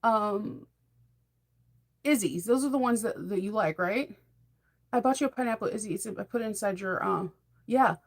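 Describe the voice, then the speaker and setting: A woman's voice: mid-range voice, moderate pace, pauses often. A middle-aged woman hosting a sewing channel, chatting casually in a rambling, enthusiastic way and laughing often. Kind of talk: casual chat.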